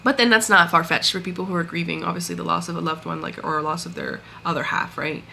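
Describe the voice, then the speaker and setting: Gushing chatty woman with a bright voice. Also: lowish voice, steady tone, quick pace, gravelly, a little hiss or hum. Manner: gushing, chatty, full of fillers and acted-out quotes. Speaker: book reviewer. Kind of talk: casual chat recapping a story.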